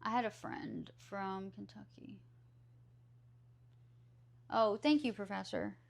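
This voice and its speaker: Slow, gravelly Southern woman streamer. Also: medium pitch. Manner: chatty, answers chat questions aloud. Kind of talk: casual chat with live viewers.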